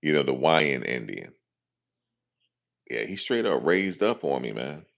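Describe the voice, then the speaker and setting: A man's voice: very deep voice, measured pace, creaky. A man vlogging casually, telling a story in loose American slang with lots of asides. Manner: animated, slangy, lots of "you know what I'm saying".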